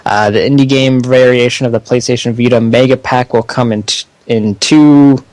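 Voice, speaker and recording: A man's voice: mid-range voice, steady tone, moderate pace, darkish tone, no echo. A young man co-hosting a casual podcast, laughing often and stumbling through the news he reads. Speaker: podcast co-host.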